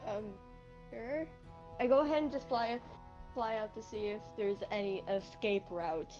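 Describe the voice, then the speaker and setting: A woman playing a tabletop game, speaking shyly and softly. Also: mid-range voice, measured pace, highs cut off, soft background music. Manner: shy and soft-spoken. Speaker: player. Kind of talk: casual tabletop game chat.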